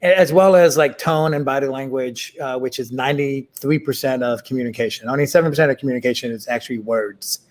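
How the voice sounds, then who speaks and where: Man, middle-aged, interview guest, halting delivery, lots of fillers, mid-pitched voice. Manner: halting, full of fillers and restarts. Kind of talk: casual interview conversation.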